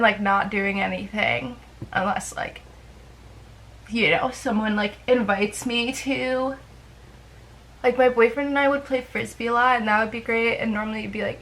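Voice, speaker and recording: A woman's voice: medium pitch, gravelly, a bit bright, low-quality recording. A young woman chatting casually to camera in a rambling, self-deprecating way, with lots of fillers. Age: young adult. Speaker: vlogger.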